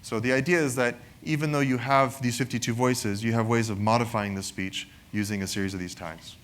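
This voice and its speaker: A man's voice: medium pitch, fairly even intonation, brisk. Conversational man presenting a tech demo. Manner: conversational, frequent "right?" tag questions. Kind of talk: technical product presentation.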